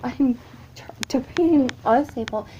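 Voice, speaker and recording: Halting, frightened woman telling a story. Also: sits high, dark tone, highs cut off, slight background noise. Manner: halting, frightened, often dropping to a whisper. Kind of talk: first-person horror story narration.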